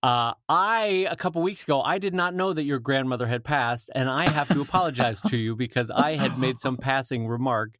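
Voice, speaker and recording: A man's voice: medium pitch, fairly quick, hardly any pauses, fairly bright tone, no echo, studio quality. A man co-hosting a podcast in a casual chat, joking and self-deprecating, now and then mimicking relatives' voices. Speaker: podcast co-host.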